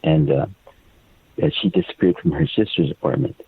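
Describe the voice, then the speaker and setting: An older man, a guest and a father, telling a personal account on a phone line in a halting way, repeating and stumbling over his words. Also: very deep voice, breathy edge, no echo.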